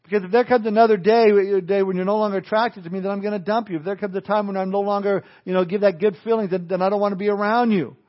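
A man's voice: sits high, fairly even intonation, fast talker, few pauses, muffled recording. A middle-aged man preaching a sermon, mixing scripture with folksy jokes and asides. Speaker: pastor.

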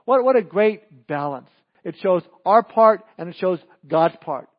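A man's voice: sits high, animated, measured pace, lo-fi sound. A man preaching a sermon as pastor, with emphatic, punchy lines that rise for emphasis.

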